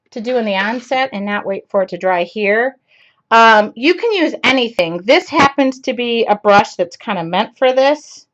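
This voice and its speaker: This woman hosts a casual art lesson on a live stream, chatting with viewers, greeting them by name, and talking to herself while she paints. Her voice is fairly high and fairly bright, and the computer mic cuts off the highs.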